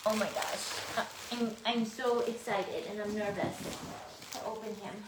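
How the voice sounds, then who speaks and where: A woman's voice: mid-range voice, measured pace. Woman, gushing vlog unboxing, repeats herself, echoey room, audible background noise. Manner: gushing, repeats phrases, breathless with excitement. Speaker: small business crafter unboxing happy mail.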